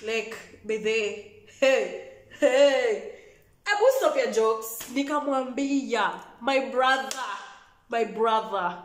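A woman telling a storytime vlog, animated and laughing as she talks. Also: a little high, slow pace, slight background noise. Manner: animated, laughing, switching between English and Swahili. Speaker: vlogger. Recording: echoey room.

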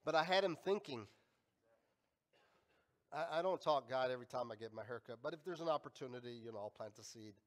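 A male pastor preaching a sermon, emphatic and swinging between loud and quiet. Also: medium pitch, a little fast, long pauses. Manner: emphatic, rising and falling in volume.

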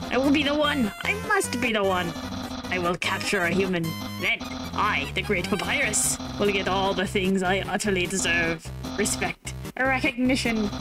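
A woman voicing a loud, boastful and eager male skeleton, raising her voice higher and proclaiming each line. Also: natural voice, poor audio. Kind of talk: reading game dialogue aloud. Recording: game music behind voice.

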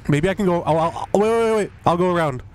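A man streaming a horror game, yelping, swearing and apologizing to his teammates, then musing calmly on the game. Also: high voice, quick pace, clean tone. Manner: calm, musing commentary. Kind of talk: live game commentary. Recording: faint background noise.

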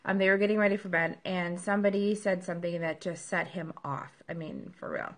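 A woman's voice: fairly low pitch, a bit bright. Chatty woman giving parenting advice. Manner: conversational, many filler ums. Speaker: parenting livestream host. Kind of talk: casual advice talk.

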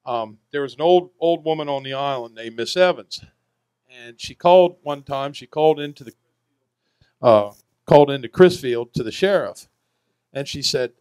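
A man, a charter boat captain telling folksy, animated stories to an audience and acting out the characters. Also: medium pitch, normal speed, no room sound. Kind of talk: storytelling to an audience. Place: VFW hall event.

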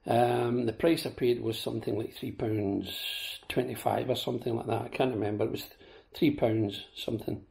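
A man's voice: mid-range voice, steady tone, normal speed, vocal fry, a little mellow. A Scottish man with a sore throat giving a casual, chatty product demo and talking to viewers as folks. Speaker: vlogger.

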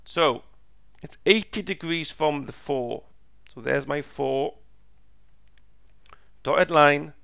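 Slow, gravelly-voiced man teaching. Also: on the high side, a bit bright, no echo, clean studio sound. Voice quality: gravelly, croaky. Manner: slow, patient, repeats steps. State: voice going hoarse. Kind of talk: step-by-step physics lesson.

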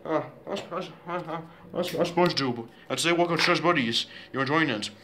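A man's voice: fairly high pitch, a little fast, very noisy. A man recording himself in playful pretend play, rambling and repetitive, with many restarts.

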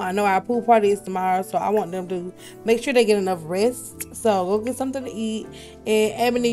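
A young woman giving casual, chatty commentary on her life-sim playthrough, laughing often and scolding her characters. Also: fairly high pitch. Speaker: let's play host.

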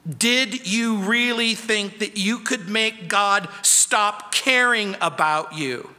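A male pastor preaching a sermon, moving between quiet intimate tones and sharp lively questions. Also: high-pitched, takes it slowly. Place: church sanctuary. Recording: church hall with long reverb.

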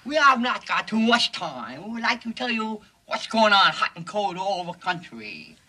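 A man's voice: high voice, sing-song, normal speed, pushed and bright, heavily acted, poor audio. An actor playing a bumbling TV weatherman with a put-on foreign accent, rambling in garbled English in a 1950s film comedy.

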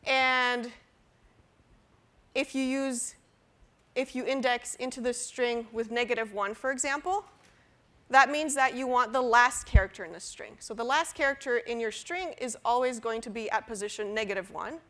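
A woman's voice: on the high side, moderate pace, pushed and bright. A woman lecturing a university class on programming, explaining step by step with fillers and restarts. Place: lecture hall.

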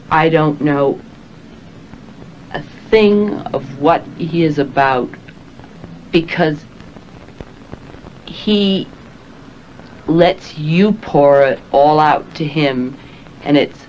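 A speaker musing slowly in a documentary interview. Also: mid-range voice, a little hiss or hum. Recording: dull, slightly lo-fi.

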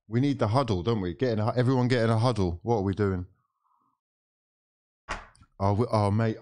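A man hosting a live football watchalong, reacting with loud, swearing outbursts. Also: mid-range voice. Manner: excitable, swearing, shouting reactions.

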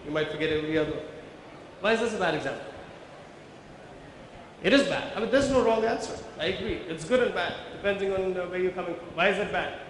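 Putting questions to the room often, a man gives a visual merchandising workshop, explaining step by step in an engaging way. He is a fast talker who also takes long pauses, and his voice sits a little high for a man. A large conference hall with a live audience gives long reverb and a faint hiss.

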